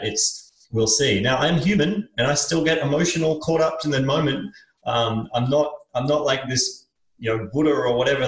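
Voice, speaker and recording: A man's voice: roomy sound, rough recording. A man guest on a podcast, telling a parable in casual chat and lifting his voice for quoted characters. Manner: animated, lifts pitch for quoted voices. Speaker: podcast guest, business author.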